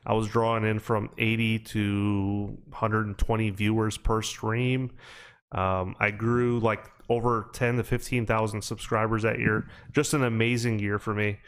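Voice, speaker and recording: A man's voice: on the low side, flat delivery, a little slow, fairly bright tone, clear, resonant tone. A man hosting a podcast, telling stories in a casual, rambling way with plenty of fillers. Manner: rambling storytelling with many fillers. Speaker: podcast host. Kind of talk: casual chat.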